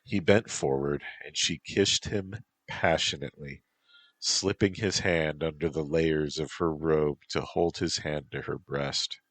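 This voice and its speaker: A man reading a story aloud as narrator in a slow, deadpan way. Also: a bass voice, no echo.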